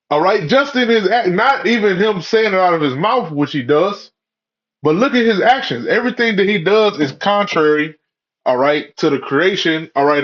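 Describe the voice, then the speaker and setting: A man in a rambling, profane, preachy monologue, full of "you know" and "man" fillers. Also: high voice. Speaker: religious commentator. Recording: dull lo-fi audio.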